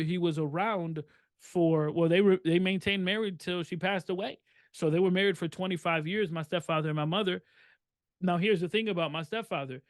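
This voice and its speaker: A man's voice: high voice, no echo. A man co-hosting a podcast, talking earnestly in a casual discussion and stressing points by repeating himself. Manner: earnest, repetitive emphatic phrasing. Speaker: podcast co-host.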